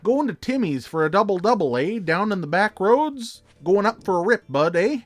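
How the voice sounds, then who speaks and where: A man's voice: high voice, big pitch swings, normal speed, voice pushed up. A Canadian man voicing a rowdy small-town Canadian guy with a slangy, exaggerated drawl.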